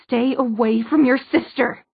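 A woman voicing a terrified mother who screams at her son with a voice rough with fear, on a tinny, dry recording. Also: fairly high pitch, steady tone, measured pace, dry recording, full character voice. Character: terrified mother, shrieking at a son she calls a monster. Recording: tinny narrow-band audio, dry.

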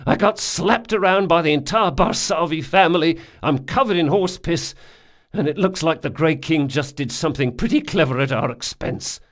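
A sardonic young con man, raised in pitch and a little louder than the reader's own voice, as a male narrator plays him. He grumbles and complains with dry wit. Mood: aggrieved.

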